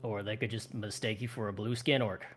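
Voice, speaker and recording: A man's voice: on the low side, steady tone, brisk. A man playing his character in a tabletop role-play game, speaking in a blunt, matter-of-fact way. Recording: music clearly behind.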